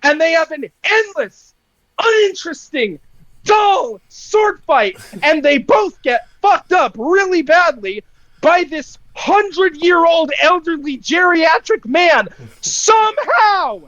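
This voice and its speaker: A podcaster recapping a film in casual chat, ranting with animated, exasperated disbelief and lots of swearing. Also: very high voice, takes it slowly, dry recording, muffled recording. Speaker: podcast panelist.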